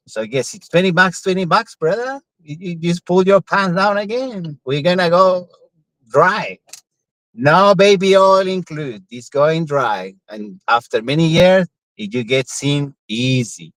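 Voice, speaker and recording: A man's voice: a little high, expressive, a little slow, a bit bright, no room sound, low-quality recording. A man driving for a ride-share app and chatting on a live stream from inside his car, joking, swearing and repeating words in a sing-song way. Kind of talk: casual live-stream chat.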